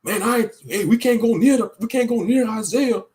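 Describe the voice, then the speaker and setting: A man voicing a frightened ancient townsman who hurries to avoid a prophet, speaking fast and anxiously. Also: extremely high pitch, a little mellow, pitched above the performer's own voice. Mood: scared.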